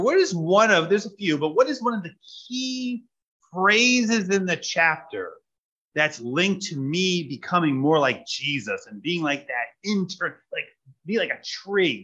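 A man preaching a sermon in short, animated phrases, pausing for an interpreter. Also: on the high side, slightly rough. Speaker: pastor. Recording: dull lo-fi sound.

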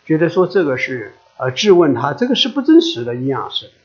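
Male sermon interpreter, fairly high voice, measured, muffled lo-fi recording. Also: big pitch swings. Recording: dull lo-fi recording.

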